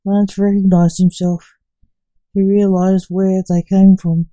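Slow, dark-voiced woman narrator. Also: mid-range voice, level tone, low-quality recording. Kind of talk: storybook reading.

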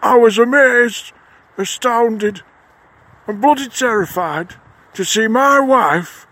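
A gruff lodge head with a broad Lancashire accent, put on by a man in a comedy. He talks in a high, unhurried voice, blunt and matter-of-fact, dropping swears without a second thought. The delivery stays deadpan throughout. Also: heavily acted. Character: gruff middle-aged northern Masonic lodge head.

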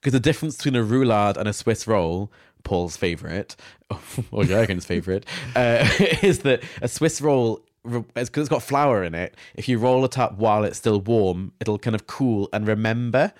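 A man with a lowish voice chats casually as a podcast co-host, laughing easily and trailing off mid-thought. The sound is dry and close, with no room echo. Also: normal speed. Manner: chatty, hesitant, laughs easily. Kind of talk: casual chat.

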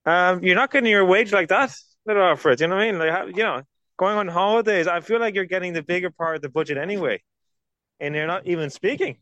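A man's voice: high-pitched, quick pace, pushed and bright, muffled recording. Laid back guy chatting books with his cohost, teases a bit. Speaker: podcast co-host. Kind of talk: casual book chat.

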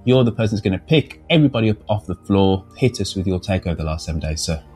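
A man's voice: deep voice, quick pace, husky, soft background music. A middle-aged man from England with a British accent, hosting a casual podcast chat and stumbling over repeated words when he gets going. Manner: lively, chatty, repeats words when excited. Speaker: podcast host.

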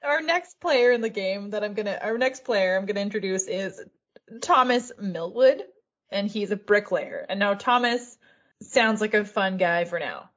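A woman's voice: medium pitch, lively intonation, moderate pace, fairly bright tone, muffled recording. Woman casually telling a history story. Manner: breezy storytelling, frequent swearing, laughs at her own jokes. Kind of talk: casual chat.

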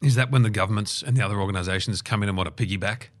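A man hosting an interview, asking short questions and offering quick affirmations. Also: on the low side. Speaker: podcast host.

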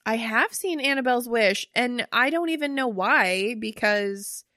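A woman's voice: on the high side, unhurried, pushed and bright, no echo, clean studio sound. A young woman co-hosting a podcast in casual chat, chatty and casual, swearing freely.

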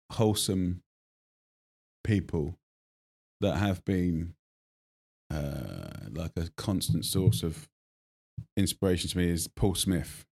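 An English man in his forties, a chef being interviewed, telling animated stories full of fillers and restarts. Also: low voice, slightly rough. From England. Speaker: guest chef. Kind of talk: casual interview chat.

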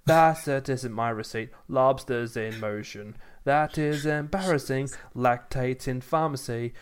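A man's voice: mid-range voice, a little slow, smooth. A man co-hosting a podcast in casual chat, rambling through anecdotes and singing snippets of chants. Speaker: podcast co-host.

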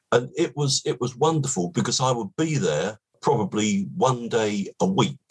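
An older man with a low, husky voice and a lively, rising-and-falling delivery. He tells his stories slowly and at length, a guest settling into a relaxed chat. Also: poor audio. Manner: unhurried anecdotal telling, lively pitch. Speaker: podcast guest. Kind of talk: relaxed storytelling.

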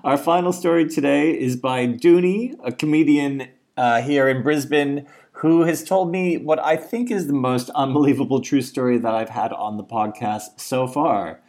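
A man's voice: mid-range voice, normal speed, hardly any pauses, a little mellow. A man with an Australian accent hosting a podcast, introducing the next storyteller with a wry, light touch. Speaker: podcast host.

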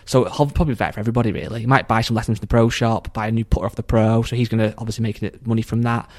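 A man doing an easygoing beginner golfer, who explains himself breezily and plainly and talks at a quick clip. He is cheerful and unbothered. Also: on the low side, fairly even intonation, darkish tone, close to an everyday voice. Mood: breezy. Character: easygoing adult male novice golfer.

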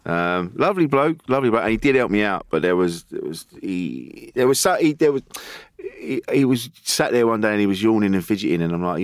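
A man with a lowish voice, recorded dry and close. He tells stories in halting, rambling bursts, swears easily and laughs a lot. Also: expressive, dry recording. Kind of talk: casual chat.

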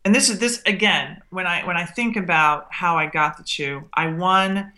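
Bright-voiced woman telling stories. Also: lowish voice, normal speed. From Southern United States. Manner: animated storyteller who acts out remembered exchanges. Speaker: guest, TV chef. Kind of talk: interview storytelling.

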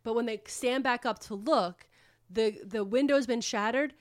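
A woman casually recapping a book plot on a podcast, rambling and animated, with swearing. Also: a little high, normal speed, no room sound, clean studio sound. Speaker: podcast co-host retelling a book. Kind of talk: casual chat.

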